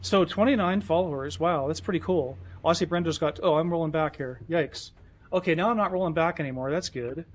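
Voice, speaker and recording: A man's voice: fairly high pitch, fairly quick. A man streaming a truck game, chatting casually and rambling, often chiding himself as he plays. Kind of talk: casual live-stream commentary.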